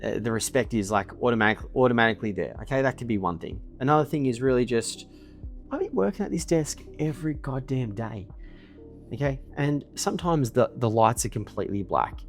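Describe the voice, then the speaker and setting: A brash man in his late twenties holds forth straight to camera, swearing freely and punching each point with a blunt "okay?". His voice sits at an ordinary middle pitch. Faint music plays quietly under his talk. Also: animated, a little fast. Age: 20s. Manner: boastful and profane, keeps tagging "okay?". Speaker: email marketing business owner. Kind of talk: brash casual monologue to camera. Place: indoors at his desk in a villa.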